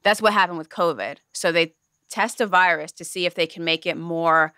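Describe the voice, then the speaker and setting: A woman's voice: on the low side, normal speed, bright, forceful tone, smooth, no echo, studio quality. A woman co-hosting a podcast, explaining science news earnestly and laughing easily at her partner's jokes. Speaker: podcast co-host. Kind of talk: casual chat, explaining news.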